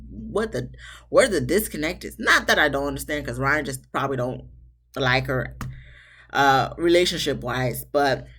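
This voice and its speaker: A woman with a low-pitched voice talks through a reality TV episode as a casual recap. She is chatty and candid, often breaking off to vent directly at the people on the show. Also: fairly bright tone. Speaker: TV show reviewer.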